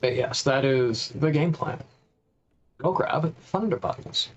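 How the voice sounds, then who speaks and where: A man's voice: medium pitch, takes it slowly, muffled recording. Man musing aloud while gaming. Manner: musing aloud, stop-start, talking to chat. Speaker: gaming streamer. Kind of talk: casual live-stream commentary while playing.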